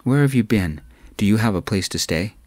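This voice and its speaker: A man's voice: fairly low pitch, lively intonation, a little fast, no echo. A man doing a scolding, controlling mother. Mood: demanding. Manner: yelling, scolding. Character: angry controlling middle-aged mother.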